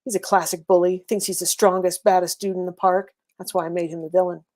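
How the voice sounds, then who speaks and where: A woman reading a first-person serialized story aloud in a steady, wry, conversational way. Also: on the low side, fast. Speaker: reader.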